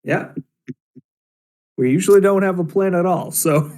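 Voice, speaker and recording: A man's voice: high-pitched, measured pace, a little mellow. A man playing a tabletop game, easygoing and chuckling, with hesitant restarts. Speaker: player. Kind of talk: casual tabletop play.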